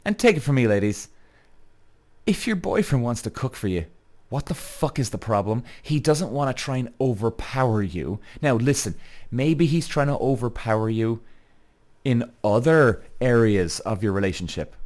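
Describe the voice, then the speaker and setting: A man's voice: mid-range voice, a little mellow. A man hosting a podcast, telling a listener's story in a rambling, profane, self-correcting way. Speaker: podcast host. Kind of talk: casual storytelling monologue.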